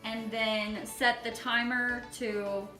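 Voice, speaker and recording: Chatting through a baking vlog in her kitchen at home, a young woman speaks slowly in a fairly high, flat, pushed, bright voice. She's playful and pokes fun at herself, stumbling over words as soft music plays in the background.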